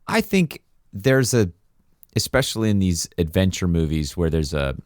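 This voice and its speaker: A podcast co-host with a low-pitched voice recaps a film in casual chat at a normal speed. He tells it as an animated storyteller, quoting and acting out scenes with laughter. The studio-quality audio has no room sound.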